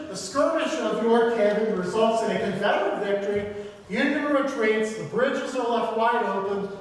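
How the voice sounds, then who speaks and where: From far back in an echoey hall, with faint ambience and a bit of hiss or hum, a man recounts local history in a public talk. His voice sits high, and he tells the story casually with filler words.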